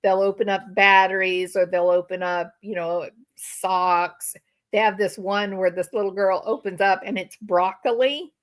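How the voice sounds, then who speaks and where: A woman's voice: medium pitch, steady tone, normal speed, few pauses. An older woman hosting a commentary channel, answering viewer comments with sarcastic indignation. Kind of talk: reaction commentary to live-stream chat.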